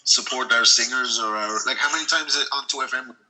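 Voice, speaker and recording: A man's voice: mid-range voice, fast talker, low-quality recording. An Irish man, a guest musician, chatting casually over an iPhone and telling blunt, sweary stories. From Ireland. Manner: blunt, sweary, animated storyteller. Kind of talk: casual podcast chat. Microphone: iPhone call.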